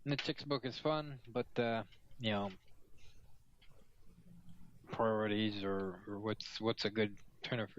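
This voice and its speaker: A man's voice: fairly low pitch, steady tone, unhurried, pauses often, a little hiss or hum. A man chatting casually over a phone call on a headset, joking and rambling between yawns. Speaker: call-in guest on a stream. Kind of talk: casual chat. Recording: dull lo-fi phone call audio.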